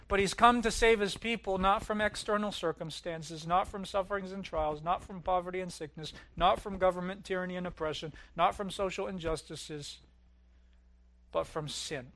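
A man preaching a sermon as pastor, swelling loud on key lines and dropping low and quiet at others. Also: fairly even intonation, moderate pace.

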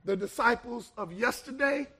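A man preaching a sermon as pastor, building to loud shouted peaks and then dropping to hushed lines. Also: very high voice, normal speed, slightly rough. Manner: preaching with swelling shouts and sudden hushed drops.

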